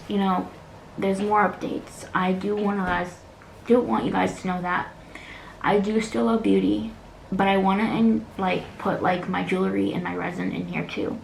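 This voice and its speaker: A woman, talking earnestly and haltingly in a personal vlog, close to tears and sometimes dropping to a soft whisper. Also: mid-range voice, gravelly. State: near tears. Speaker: beauty vlogger. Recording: echoey room with faint noise.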